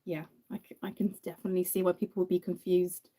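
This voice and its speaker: On a makeup livestream, a chatty woman from Ireland with an Irish accent talks casually to viewers, replies to their comments, and leans on many fillers. Her voice is fairly low and mellow, with little pitch movement, and she speaks fast.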